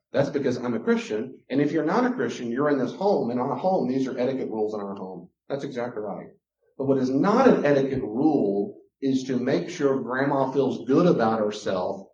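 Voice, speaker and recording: A man's voice: medium pitch, darkish tone. A man with a Southern US drawl lectures a class with passion, hammering home his points and getting worked up. His voice carries through a roomy space, and the recording sounds dull and lo-fi. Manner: emphatic, gets worked up. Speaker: Christian counselor teaching a class.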